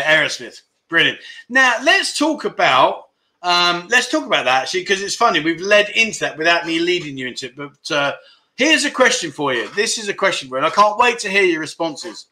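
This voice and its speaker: A man's voice: a little high, bright, forceful tone. Chummy man hosting a livestream. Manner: chummy banter, calls viewers "mate" and "my friend". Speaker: livestream host. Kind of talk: casual livestream chat, reading viewer comments. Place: home.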